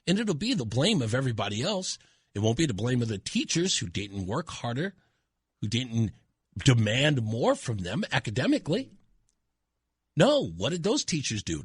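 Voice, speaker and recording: A man's voice: medium pitch, husky, dry recording, clean studio sound. A man hosting a talk radio show, delivering an indignant, emphatic opinion monologue.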